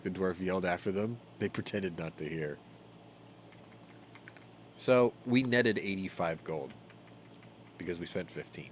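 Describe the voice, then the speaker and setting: A man's voice: deep voice, moderate pace, long pauses, slight background noise. A man hosting a retro game let's-play, reading the story text aloud in put-on voices and adding jokey asides. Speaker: gaming let's-play host.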